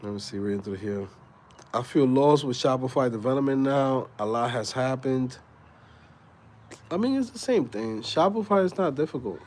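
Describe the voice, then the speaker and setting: A man's voice: mid-range voice, darkish tone. A man in his thirties hosting a casual livestream, talking in laid-back slang and laughing often. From Dominican heritage. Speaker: livestream host.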